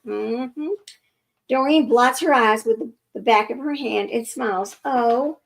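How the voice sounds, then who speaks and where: Brief: woman reader, slightly high, gravelly, chatty asides between passages. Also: measured pace, rough recording. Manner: chatty, interrupts herself with asides and corrections. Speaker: reader of a book. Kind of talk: reading aloud with running commentary.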